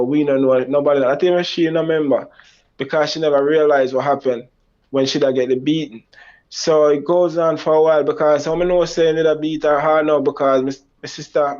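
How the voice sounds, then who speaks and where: A man's voice: a little high, a little mellow. A man with a Jamaican accent, telling a long personal story in a rambling way, acting out quoted lines. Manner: rambling, Jamaican Creole phrasing, acts out quoted lines in a raised voice. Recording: dull lo-fi sound.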